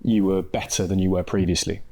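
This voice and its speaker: A man co-hosting an interview, asking brisk, direct questions. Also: low-pitched, steady tone, warm tone. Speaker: co-host. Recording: crowd chatter behind.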